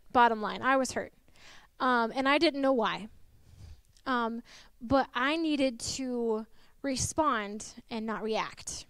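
A young woman preaching a sermon to her church, lively and personal, telling stories with laughs and asides. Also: high voice, clear, resonant tone, dry recording, clean studio sound. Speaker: guest preacher.

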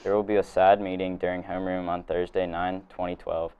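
A teenage boy reads the school's daily announcements in a deep, even voice. He keeps a steady, level delivery and stumbles now and then on a word. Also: brisk, clean tone, highs cut off. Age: teens. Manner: reads steadily, trips over a few words. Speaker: student announcer.

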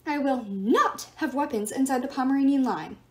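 A woman's voice: sits high, moderate pace, natural voice. A woman voicing a fussy, irritable male statue god who shrieks in a prim teacher voice. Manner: shrieking, loud outbursts.

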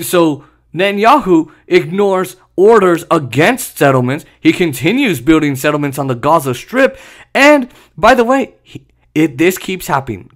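A man hosts a solo podcast, talking in a heated, sarcastic rant. His voice sits a little higher than most men's, and he mocks the other side with scornful asides. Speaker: podcast host. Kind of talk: solo political commentary podcast.

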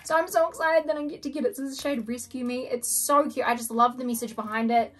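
A woman's voice: high voice, quick pace. A young woman chatting casually as she unboxes makeup, gushing and gasping, sometimes dropping to a whisper. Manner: gushing, excitable, frequent gasps and soft whispers. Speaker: beauty vlogger.

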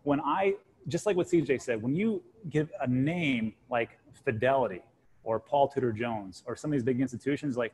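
A man in his forties chatting casually on a panel show as a guest co-host, telling stories in a lively way and acting out what others said. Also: medium pitch, normal speed, slightly rough, poor audio. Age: 40s. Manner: animated storyteller, acts out quotes. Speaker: guest co-host, crypto channel host.

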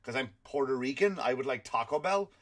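A man's voice: mid-range voice, animated, fairly quick, close to an everyday voice. An Irish man voicing an offended male coworker, asking indignant questions.

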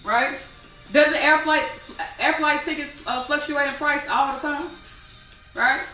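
A woman teaching a live online trading class, animated and repetitive, asking the audience many rhetorical questions. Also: sits high, measured pace, roomy sound, far from the mic, soft background music, poor audio. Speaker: trading instructor.

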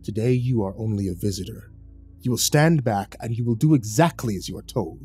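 A man voicing a stern older male caretaker boss with a heavy Eastern European accent, speaking slowly and gravely. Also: lowish voice, dark tone, faint music behind, pitched below the performer's own voice. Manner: grave, slow, commanding.

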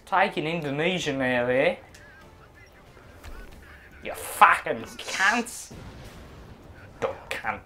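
A woman's voice: low voice, expressive, very slow, pauses often, bright, forceful tone. A woman giving let's-play commentary over a strategy game, swearing constantly in mock outrage. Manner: profane, mock-outraged trash talk. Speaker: video game player.

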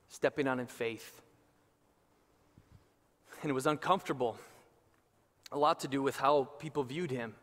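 A man preaching a sermon as pastor, impassioned, slowing down and rising for emphasis. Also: mid-range voice, fairly bright tone. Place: church sanctuary. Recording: reverberant church hall with music behind.

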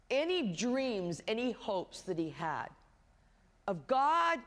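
Woman pastor: animated, up-and-down sermon delivery with wry humour. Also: on the low side, big-room sound. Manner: storytelling with humorous asides.

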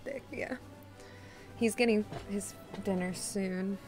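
A woman streaming a video game, chatting casually with her viewers and cooing softly at her cat into a desk microphone. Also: mid-range voice, slow. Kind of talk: casual live-stream chat. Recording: loud game soundtrack under voice. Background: game music.

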